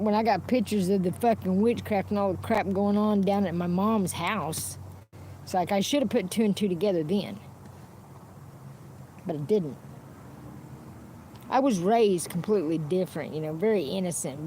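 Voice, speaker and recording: A woman's voice: medium pitch, mellow, a little hiss or hum. A woman streaming a rambling, unscripted monologue, blunt and profane, often restarting her sentences. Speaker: livestreamer.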